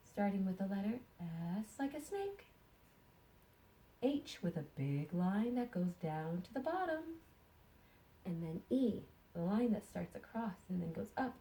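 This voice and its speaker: A woman teaching sight words to young kindergarten children in a slow, encouraging sing-song way. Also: medium pitch, mellow.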